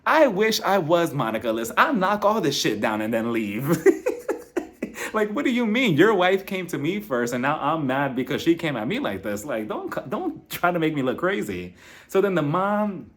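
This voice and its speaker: A man giving a casual, animated recap of a reality TV episode, acting out quotes and laughing often. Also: fairly high pitch, normal speed.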